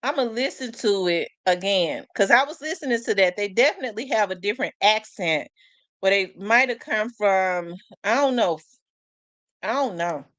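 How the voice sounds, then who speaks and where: A woman's voice: mid-range voice, animated, normal speed, fairly bright tone, dry recording. A woman hosting a casual live commentary, chatty and asking questions aloud as she talks to her viewers. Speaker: host.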